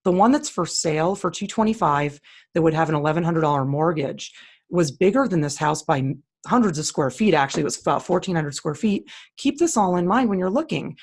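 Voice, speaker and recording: A woman's voice: deep voice, lively intonation, brisk, a little mellow. A woman co-hosting a casual talk, walking through listings on screen in a blunt, opinionated, plain-spoken way. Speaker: co-host. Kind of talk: casual screen-share commentary.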